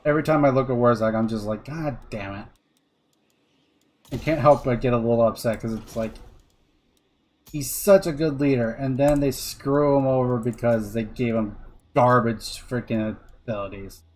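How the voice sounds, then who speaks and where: A male streamer talks his way through a strategy game in a casual, muttering way, with swearing whenever something annoys him. His pitch sits in an ordinary middle range. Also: fairly even intonation, moderate pace, a little mellow. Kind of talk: casual gameplay commentary.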